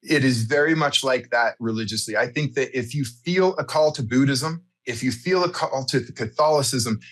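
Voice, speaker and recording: A man's voice: mid-range voice, normal speed, a bit bright. A man being interviewed as a guest, speaking reflectively in long, thoughtful explanations. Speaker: church founder, podcast guest. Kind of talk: conversational interview.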